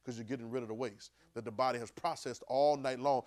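A man preaching to a class in a loose, conversational way, often asking "right?" as he goes. He drops to a low murmur and then breaks into sudden loud bursts. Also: fairly even intonation, fast. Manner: call-and-response, keeps asking "right?". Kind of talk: conversational sermon.

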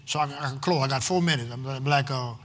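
A man preaching a sermon as pastor, calling out to his congregation and stretching out emphatic, shouted lines. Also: medium pitch, fairly quick. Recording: long hall reverb, faint room noise.

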